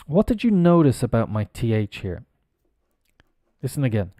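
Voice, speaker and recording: A man from Ireland teaching English on a live stream, who spells words out slowly letter by letter and explains how they are pronounced. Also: medium pitch, very animated, mellow, no room sound, studio quality. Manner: explains pronunciation while working on screen.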